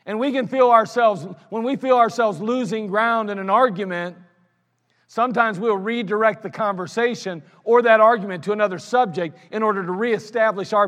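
A man's voice: high voice, fairly bright tone. A man preaching a sermon as a pastor, blunt and scolding, with mocking asides. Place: church sanctuary. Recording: long hall reverb of a church sanctuary.

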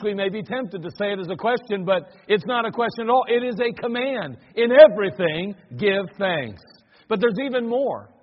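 A man with a high, slightly husky voice preaches a sermon in a church sanctuary. He talks in a loose, conversational way and then presses his points home with emphasis. The recording is dull and lo-fi, with a long reverb trailing each phrase. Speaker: pastor.

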